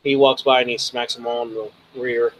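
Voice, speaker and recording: A man narrating a tabletop game as game master, in a casual, profane, halting way. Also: medium pitch, flat delivery, lo-fi sound, slight background noise.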